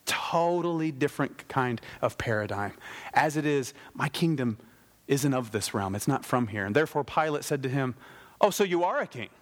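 A man preaching a sermon in a lively, conversational way, with wry asides. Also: mid-range voice, moderate pace. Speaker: pastor.

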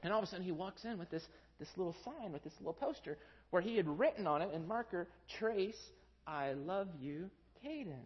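A man's voice: sits high, fairly quick. A man in his thirties preaching a sermon as pastor, telling stories in a conversational way and acting out his children's voices. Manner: conversational storytelling, animated when quoting his kids. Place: large church sanctuary. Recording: dull sound with long hall reverb.

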